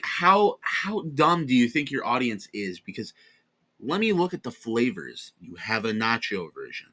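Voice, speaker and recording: A man's voice: lowish voice, sharp tone. A tired man with an American accent giving a rambling, sarcastic casual commentary on online drama, often correcting himself. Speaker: commentary channel host.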